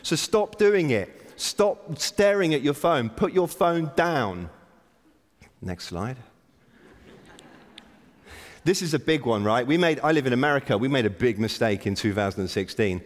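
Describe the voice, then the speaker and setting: A man's voice: mid-range voice, animated, unhurried, long pauses. Wry man speaking in a hall. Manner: wry, self-deprecating, exhorting the audience. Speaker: keynote speaker. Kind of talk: conference opening address. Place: large conference hall stage. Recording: long reverb of a big hall.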